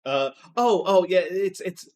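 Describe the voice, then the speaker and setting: A man's voice: high voice, expressive, a little slow, darkish tone, voice pushed up. A man voicing a nervous, sweating male company recruiter who stammers and keeps losing his train of thought. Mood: flustered.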